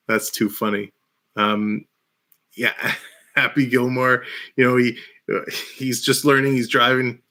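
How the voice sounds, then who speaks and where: A man with a bright, clear-edged voice hosts a relaxed live stream, chatting with a rambling, excited flow and frequent laughter. He talks into a headset mic from a small room at home. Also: medium pitch. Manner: laughs often, rambling and enthusiastic. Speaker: livestream host. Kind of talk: casual live-stream chat.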